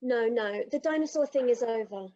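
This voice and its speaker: A woman's voice: fairly high pitch, moderate pace, warm tone, lo-fi sound, lightly acted. A woman playing a doting, defensive wife who brushes off worries in a live improv comedy scene. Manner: dismissive, matter-of-fact. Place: live stage show.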